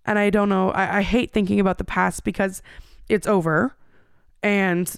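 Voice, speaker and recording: A woman's voice: medium pitch, steady tone, moderate pace, vocal fry, clear, resonant tone, no echo, studio quality. A woman in her thirties hosting a podcast, telling a personal story in a candid, rambling way with many fillers and restarts. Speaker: podcast host.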